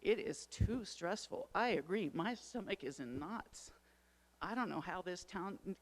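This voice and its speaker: A middle-aged woman making a public comment at a town meeting, emotional and urgent, her frustration showing. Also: medium pitch. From Wisconsin.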